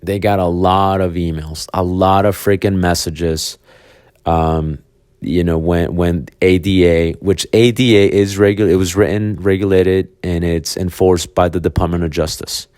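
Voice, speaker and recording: A man's voice: sits low, fairly even intonation, measured pace, a little mellow, no echo, clean studio sound. A man, a dog trainer hosting a podcast, talking bluntly and with profanity in a casual monologue, acting out imagined conversations. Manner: blunt, profane, acts out hypothetical dialogue.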